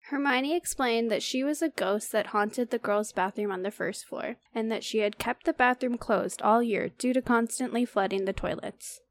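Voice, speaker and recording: A woman reading a book chapter aloud on a podcast, pausing to comment and laugh. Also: fairly high pitch. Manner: reads steadily, stops to comment and laugh. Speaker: podcast co-host.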